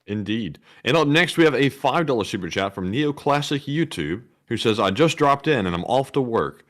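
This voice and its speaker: A man's voice: medium pitch, expressive, normal speed. A man co-hosting a livestream, reading viewer questions aloud in a plain way with hesitant fillers. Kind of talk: casual livestream Q&A.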